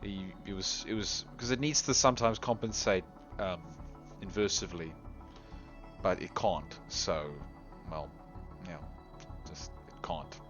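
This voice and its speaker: A man's voice: deep voice, a little slow. A man giving casual commentary while he plays a game, chatting, humming little tunes, getting exasperated at the game and laughing at himself. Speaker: gameplay commentator. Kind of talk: casual let's-play commentary. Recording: slightly dull lo-fi recording with faint music.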